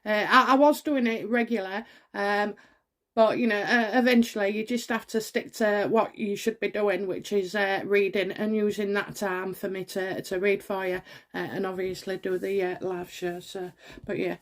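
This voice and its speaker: A middle-aged woman, hosting her own tarot channel and chatting to camera, excitable and rambling with many fillers and restarts. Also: medium pitch, moderate pace. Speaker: tarot reader and channel host. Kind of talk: casual chat to camera.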